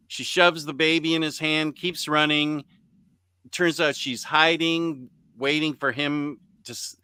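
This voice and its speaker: A man hosting a casual podcast chat, talking haltingly with many ums and restarts. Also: mid-range voice, bright, forceful tone, clean tone, no echo. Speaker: podcast host. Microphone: USB microphone on computer.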